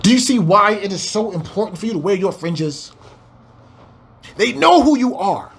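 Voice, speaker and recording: A man's voice: sits high, animated, normal speed, creaky, breathy edge. A man preaching a fiery scripture breakdown, firing rhetorical questions and swearing as he exclaims.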